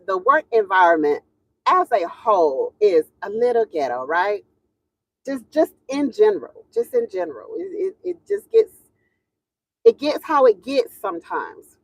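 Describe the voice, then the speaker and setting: A woman talks casually on her livestream, a chatty and lively speaker who laughs often and stretches her phrases with an easy drawl. Her voice sits fairly high and swings widely in pitch. The sound is dry and a bit dull, like a lo-fi home mic. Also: no room sound. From Southern United States. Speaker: livestream host greeting viewers.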